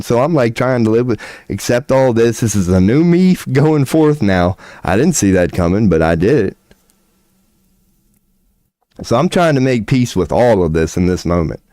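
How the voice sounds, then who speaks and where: Male streamer, low voice, slangy and profane, dry close sound. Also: no echo. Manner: animated, rambling, profane storytelling with slang. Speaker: livestream host. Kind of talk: casual livestream storytelling.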